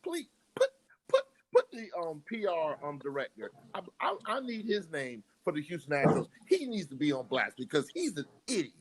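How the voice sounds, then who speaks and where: Animated male co-host, heated rant, wide-ranging somewhat high voice. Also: a little fast, few pauses, breathy edge, low-quality recording. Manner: animated ranting, exasperated, repeats words. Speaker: podcast co-host. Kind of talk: heated casual sports chat.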